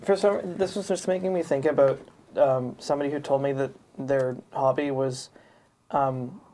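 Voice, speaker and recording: Woman, deep low voice, offhand anecdote teller. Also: steady tone, normal speed, mellow. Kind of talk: casual brainstorming chat.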